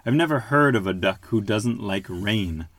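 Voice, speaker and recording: A man voicing a cheerful, fussing mother duck in a children's storybook, bright and lilting. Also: lowish voice, lively intonation, normal speed, no room sound.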